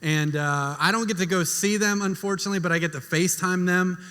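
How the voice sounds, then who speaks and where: A young man telling a lively story to a young adult group, acting out family members' voices along the way. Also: sits high, a little fast, clear, resonant tone. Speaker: youth speaker. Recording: long hall reverb.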